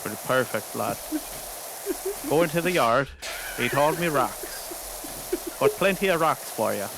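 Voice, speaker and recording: Gruff generous old yokel, played by a man, blunt and plain. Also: mid-range voice, expressive, takes it slowly. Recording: hissy stream audio, spray noise.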